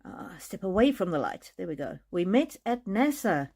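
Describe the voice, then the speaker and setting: A woman with a lowish voice, reading oracle cards on a live stream. She talks gently and haltingly, often laughing and showing emotion. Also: big pitch swings, creaky, husky. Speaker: tarot and oracle card reader. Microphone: streaming mic.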